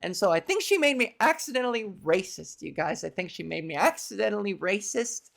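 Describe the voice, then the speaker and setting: A woman's voice: medium pitch, lively intonation, fairly quick, gravelly, fairly bright tone. A Canadian woman hosting a comedy podcast, telling a rambling, self-deprecating story and acting out the people in it.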